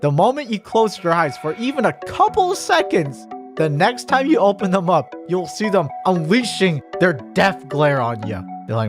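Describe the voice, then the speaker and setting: A man giving a mock-instructional comedy monologue, sarcastic and deadpan at times, stammering repeated words, then bursting into animation. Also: high voice, moderate pace, faint music behind. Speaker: comedy vlogger.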